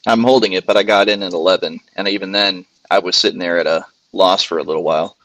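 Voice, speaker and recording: A man's voice: sits low, fairly even intonation, fast talker, a bit bright, no room sound, low-quality recording. A man chatting casually in a stock discussion group, easygoing and cautious. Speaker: regular in a stock chat.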